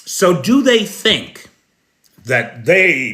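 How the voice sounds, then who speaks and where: A man's voice: mid-range voice, lively intonation, unhurried, sharp tone. An American man hosting a live news stream and answering viewers, talking in an emphatic, indignant way with sarcastic turns. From United States.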